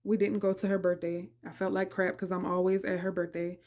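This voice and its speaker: A woman's voice: on the low side, level tone, fairly quick, a little mellow, a little hiss or hum. A middle-aged woman hosting a podcast, telling a personal story in an emotional, conversational way and speaking straight to her listeners. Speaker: podcast host.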